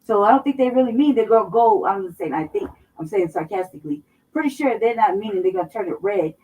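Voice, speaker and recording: A woman's voice: mid-range voice, expressive, quick pace, mellow. A woman from Colorado co-hosting a casual political talk show, blunt and emphatic, swearing heavily as she makes her points. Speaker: co-host. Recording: dull, somewhat distant mic.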